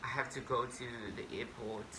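A man vlogging a casual storytime monologue to camera, excitable and boastful, breaking into sudden loud swearing outbursts. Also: mid-range voice, normal speed, a little hiss or hum.

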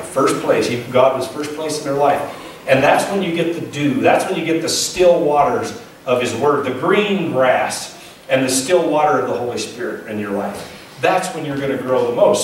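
A man's voice: a little high, slight background noise. A male pastor preaching a sermon in a folksy, conversational way, asking his listeners questions. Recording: echoey church sound from a distant mic.

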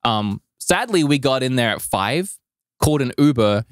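A man co-hosting a podcast, telling a travel story in a rambling, animated way with lots of filler words. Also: mid-range voice, moderate pace, no room sound, studio quality. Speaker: podcast co-host. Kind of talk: casual storytelling chat.

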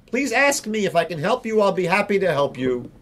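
A man voicing a patient, kind sage who answers politely and softly. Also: high voice, very animated, brisk. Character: patient, gentle old sage, calm and kind.

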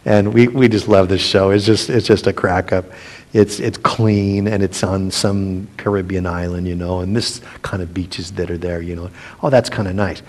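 A man's voice: sits low, fairly even intonation, normal speed, a little mellow. A man leading a casual Bible study, reading verses aloud and wandering into chatty personal asides with frequent restarts. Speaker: pastor teaching a Bible study.

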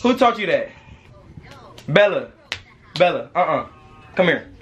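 A man talks casually to his toddler daughter for a home vlog, half laughing and half telling her off. His voice rises and falls freely. Music plays clearly in the background. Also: fairly high pitch, very animated, a little slow, highs cut off. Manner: playful, laughing and scolding a toddler. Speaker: vlogger and young father. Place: bedroom at home.

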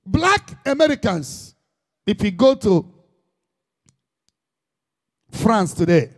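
High-pitched impassioned Nigerian preacher man. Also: big pitch swings, slow. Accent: Nigerian Igbo. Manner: impassioned, emphatic preaching with repetition. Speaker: pastor. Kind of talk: sermon.

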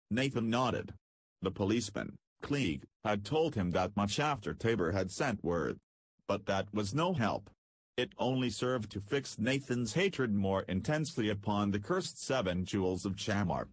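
Low, husky male audiobook narrator. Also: expressive, unhurried, no room sound. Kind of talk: scripted narration.

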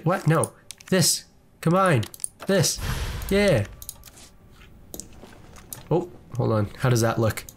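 Male gamer, let's play commentary, lively rising and falling voice, unhurried, jumpy, talks to on-screen enemies, faint noise behind. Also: medium pitch. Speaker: gaming video creator. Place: at a desk at home.

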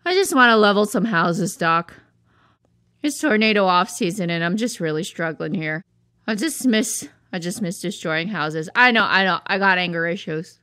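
A woman's voice: on the low side, animated, moderate pace, pushed and bright, no echo, studio quality. A woman voicing a gloomy, destructive male tornado in a cartoon, complaining to his therapist in a whiny, exasperated way. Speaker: therapy patient. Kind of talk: cartoon voice acting.

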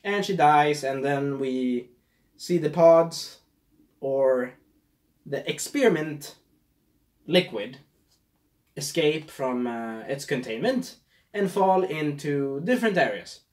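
A man's voice: a little high, lively intonation, slow, long pauses, darkish tone. Rambling man reviewing a movie. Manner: rambling, loses his train of thought. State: scratchy throat.

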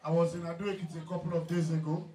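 A Nigerian man with a Nigerian English accent, working as a comic MC at a party and teasing the crowd loudly. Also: a little high, little pitch movement, rapid-fire. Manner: joking, loud, teasing the crowd. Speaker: event MC. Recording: echoey hall with crowd, mic far.

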